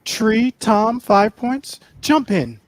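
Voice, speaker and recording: Man, pompous faux-formal moderator, very slow delivery. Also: high voice, sing-song, slight background noise. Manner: pompous, overly formal put-on voice. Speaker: panel moderator. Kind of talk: mock-formal panel debate.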